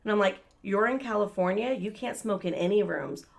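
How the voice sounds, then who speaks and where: A woman's voice: medium pitch, a little fast, vocal fry. A woman co-hosting a podcast, telling a long story in casual chat, swearing a lot and acting out the voices of the people in it. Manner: profane, animated, acts out quoted voices. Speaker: podcast co-host.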